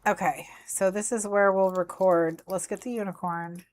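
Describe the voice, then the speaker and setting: A woman streams from her craft desk, recorded with a desk mic and a faceless view of the desk, chatting playfully and talking to her cat while she works. Her mid-range voice holds a steady tone at a moderate pace.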